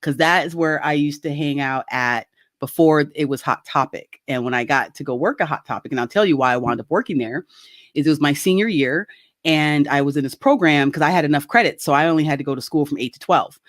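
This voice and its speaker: A woman's voice: low voice, fairly quick, no room sound, studio quality. A woman telling a story in casual chat on a video call. She talks animatedly, laughs often and acts out the quoted voices. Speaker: guest.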